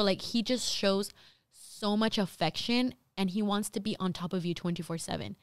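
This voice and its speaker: A woman's voice: medium pitch, steady tone, a little fast, smooth, no room sound, studio quality. A young woman, a podcast co-host and mother, chatting casually and often laughing. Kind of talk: casual chat.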